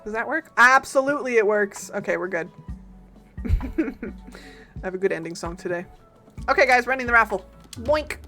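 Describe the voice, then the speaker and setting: Animated woman streamer chatting over gameplay. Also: a little high, normal speed, pauses often, soft background music. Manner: chatty, reacts loudly and talks to chat and game followers. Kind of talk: casual gameplay commentary.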